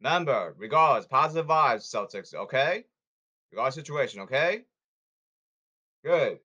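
A man's voice: mid-range voice, animated, moderate pace, pushed and bright, husky, dull audio. A man hosting a sports podcast who talks in a blunt, hectoring way and repeats himself, in a casual commentary monologue.

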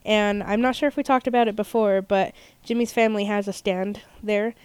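A young woman rambles through a story as a podcast co-host, tossing in fillers as she goes. Her voice is smooth and clear, recorded dry and close with no room sound. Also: mid-range voice, fairly even intonation, a little fast, no room sound. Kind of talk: casual chat.

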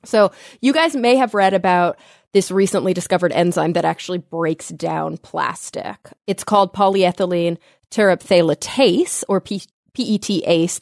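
A young woman co-hosts a casual science podcast from home over a remote call, chatty and upbeat as she explains things. Her voice is on the low side, gravelly and a little mellow, recorded at studio quality with no room sound.

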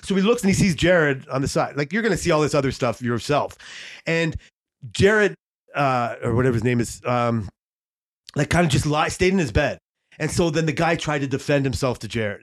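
A man co-hosting a casual podcast, telling a long story. He rambles, swears freely and leans on fillers. His voice sits a little higher than most men's. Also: expressive, moderate pace. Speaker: podcast co-host. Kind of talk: casual chat.

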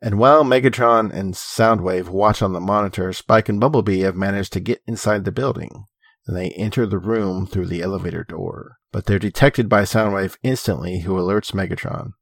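Low steady male recapper. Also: normal speed, gravelly, no room sound. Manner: steady, informative, dry humor. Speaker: podcast co-host recapping episodes. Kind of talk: casual recap narration.

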